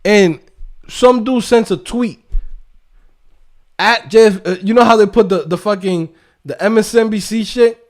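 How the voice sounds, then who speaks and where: A man hosting a coding livestream, ranting in a profane, animated way and mimicking people in quick mocking voices. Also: sits high. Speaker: livestream host and coding instructor. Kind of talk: profane casual livestream rant.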